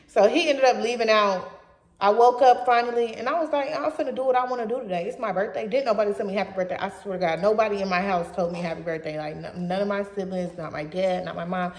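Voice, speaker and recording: A young woman casually telling a story from her teens in a blunt, profane, animated way. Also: medium pitch, fast. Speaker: vlogger. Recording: roomy echo.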